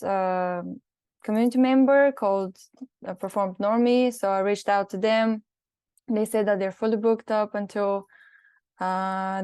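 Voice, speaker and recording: Casting note: woman with a smooth voice, hesitant, apologetic update, dry video call sound. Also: medium pitch, a little mellow, no room sound. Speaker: community contributor. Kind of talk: online meeting update.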